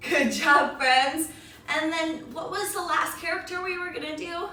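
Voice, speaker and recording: Bright, echoey woman teaching kids yoga. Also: high-pitched, unhurried. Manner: playful, encouraging, sing-song. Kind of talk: guiding a children's yoga class with a storybook. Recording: echoey room, voice from a distance.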